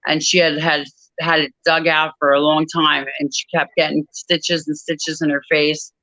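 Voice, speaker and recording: A woman guest in an interview, telling a personal story in a measured, reflective way with frequent pauses. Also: low-pitched, flat delivery, bright, forceful tone, dry recording, rough recording. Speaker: author and guest.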